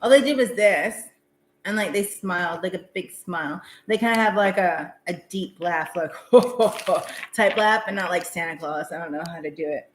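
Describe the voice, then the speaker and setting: A woman's voice: lowish voice, moderate pace, noisy background. A woman hosting a live tarot reading stream, talking casually and rambling with lots of fillers. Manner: chatty, rambling, many fillers. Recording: echoey room.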